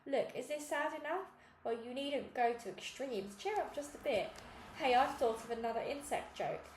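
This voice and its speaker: A woman's voice: high voice, normal speed, echoey room, slight background noise, lightly acted, low-quality recording. A woman reading aloud, voicing an eager young girl who tells jokes and pleads to be filmed.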